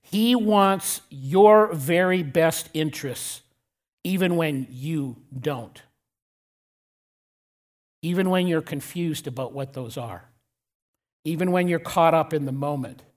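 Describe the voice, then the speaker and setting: In church, a male pastor gives a sermon in a plain, direct style, his voice a little high. Key lines get repeated, and he slows down to bring his voice low on the words that matter.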